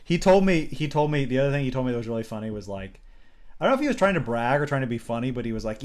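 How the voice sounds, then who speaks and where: A man's voice: mid-range voice, big pitch swings, very fast. Young man rambling through comic stories. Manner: rambling storyteller, swearing, frequent restarts and acted quotes. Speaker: podcast co-host. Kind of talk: casual comedic chat.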